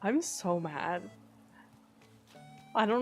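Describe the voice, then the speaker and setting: A woman live streamer chatting casually over her game, talking to herself and her chat. She sounds playfully exasperated, swears in jest, and swings up into excited squeals. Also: sits high, unhurried, pauses often, faint music behind.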